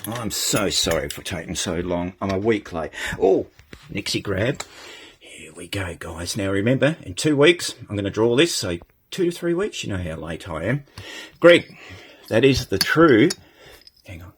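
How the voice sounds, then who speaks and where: A man's voice: fairly low pitch, big pitch swings, unhurried, a little hiss or hum. A middle-aged Australian man chatting casually to viewers on his channel, rambling and calling them "mate". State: short of breath. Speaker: channel host. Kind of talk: casual live-stream chat.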